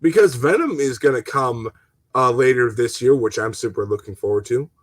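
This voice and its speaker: A man hosting a gaming channel rants heatedly on a casual live stream, talking to viewers and reading out their chat comments. He swears and stumbles over restarts, his voice mid-range at a normal speed in a dry recording.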